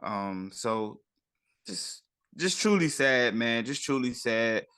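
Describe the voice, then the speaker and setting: A man's voice: medium pitch, animated, slow, a bit bright, clear, resonant tone. A man co-hosting a sports podcast, talking casually and repeating himself, with "man" at the end of many phrases. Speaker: podcast co-host.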